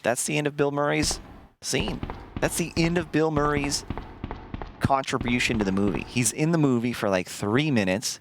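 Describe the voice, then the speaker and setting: A man streaming a video game, chatting casually and telling a rambling, profane story in an animated way. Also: medium pitch, moderate pace, gravelly, noisy background. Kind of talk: casual gameplay commentary.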